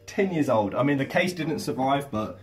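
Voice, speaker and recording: A young man, chatting excitedly and swearing freely as he shows off his collection at home. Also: mid-range voice, moderate pace, faint music behind. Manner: swears freely, stumbles over words when excited. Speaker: vlogger showing his figure collection. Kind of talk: excited casual vlog. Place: home room with shelves.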